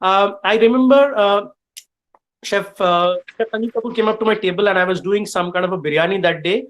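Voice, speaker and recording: A middle-aged man with an Indian English accent speaks as a guest chef to a class of students. He tells his stories in an animated way, breaking often with uh and restarts. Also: high-pitched, fairly quick, low-quality recording. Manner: animated, frequent uh fillers, lively storytelling. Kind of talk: storytelling in a live online session.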